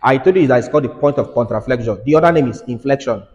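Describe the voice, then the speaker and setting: Man teaching engineering in a hall, ordinary pitch, insistent and repetitive, echoing room. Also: fast talker, a little mellow, highs cut off. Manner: repetitive, urging students to listen. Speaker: engineering lecturer. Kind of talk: classroom lecture. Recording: reverberant hall.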